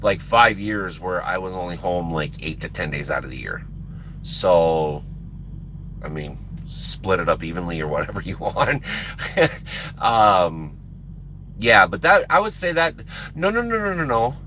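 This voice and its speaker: Rambling trucker streamer. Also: male voice, low-pitched, bright, forceful tone, a little hiss or hum. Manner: rambling, emphatic, repeats words for effect. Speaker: livestream host and truck driver. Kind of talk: casual chat with stream viewers.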